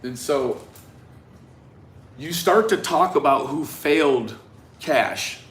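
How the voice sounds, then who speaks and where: A man's voice: medium pitch, lively intonation, slow. Man musing aloud in a roomy space. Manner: conversational, frequent "right?" tags, trailing off into quiet asides. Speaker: commentator on a true-crime case. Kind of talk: reflective monologue. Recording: roomy echo with faint ambience.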